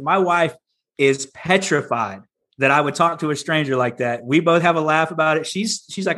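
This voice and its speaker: Middle-aged man from Texas, podcast guest, candid casual storyteller, slightly high voice, lots of restarts. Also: normal speed, a bit bright. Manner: candid, many restarts and repeats.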